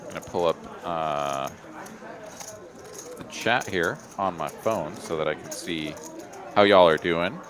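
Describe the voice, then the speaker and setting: A man calls a live poker game in an unhurried, drawling style, filling pauses with easy fillers. His voice sits low. A steady murmur of chatter runs behind him. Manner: laid-back, drawling, frequent "uh" fillers. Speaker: poker stream commentator.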